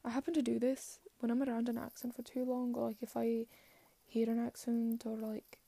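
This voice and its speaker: A young woman in her late teens hosting a solo podcast. She rambles in a put-on Scottish accent, is hard on herself, and often trails off into soft murmurs. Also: a little high, level tone, moderate pace, gravelly, no echo. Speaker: podcast host.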